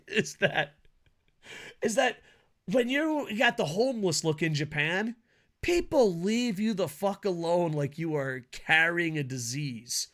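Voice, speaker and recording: Podcast co-host, male, bright animated voice, rowdy banter with lots of laughing and swearing. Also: high voice, slow, long pauses. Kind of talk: casual podcast chat.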